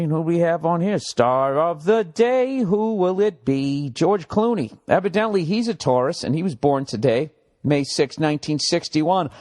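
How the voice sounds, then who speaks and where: A man's voice: a little high, animated, moderate pace, a little mellow. Profane rambling man hosting a podcast. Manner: profane, rambling, sarcastic rants. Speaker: podcast host. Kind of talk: casual solo podcast monologue.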